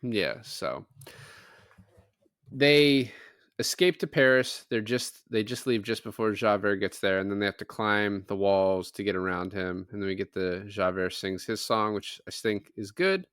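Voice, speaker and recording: A man's voice: fairly low pitch, fairly even intonation, measured pace, fairly bright tone, smooth, no echo, studio quality. A man co-hosting a casual movie review podcast, loosely recapping the plot and joking about the characters. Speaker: podcast co-host.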